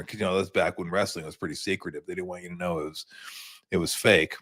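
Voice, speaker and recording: Man in his fifties, a sports show host with a lowish voice; easygoing, wandering storyteller. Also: steady tone, fast talker, a bit bright, slightly rough. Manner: laid-back, rambling storyteller. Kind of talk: casual postgame chat.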